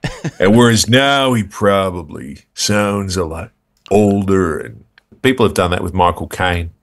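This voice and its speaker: Lower-voiced man telling stories. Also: a little slow. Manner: animated storyteller, frequent restarts, laughing. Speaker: guest impressionist. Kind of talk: interview chat.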